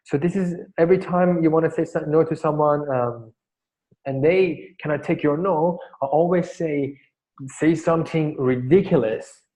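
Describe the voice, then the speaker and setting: A man's voice: on the high side, moderate pace, warm tone, rough recording. A man coaching a workshop, telling a story and explaining, with frequent restarts. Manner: rambling, restarts often, tells stories. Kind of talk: workshop teaching.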